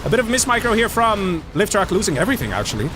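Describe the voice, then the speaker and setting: A man casting a live strategy game, excitable and chatty, joking with his chat. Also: high voice, very fast, over music. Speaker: game caster.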